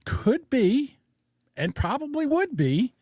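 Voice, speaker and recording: A man's voice: very high-pitched, sing-song, slow, a little mellow, no room sound, studio quality. A man co-hosting a podcast, giving blunt opinions in casual chat and rambling with restarts and fillers. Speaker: podcast co-host.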